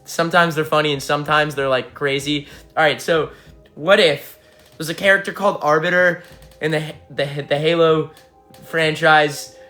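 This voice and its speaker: A young man, a band frontman, chatting casually with fans on a livestream, excitable and swearing, jumping from topic to topic. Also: fairly high pitch, moderate pace, faint music behind. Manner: excitable, swearing, hype-driven, jumps between topics. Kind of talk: casual livestream chat with viewers.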